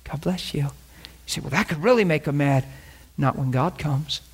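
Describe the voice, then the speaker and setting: Storytelling preacher, slightly high voice. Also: male voice, lively intonation, moderate pace, slightly rough. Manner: storytelling, acting out both sides of conversations. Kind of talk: sermon with acted-out anecdotes.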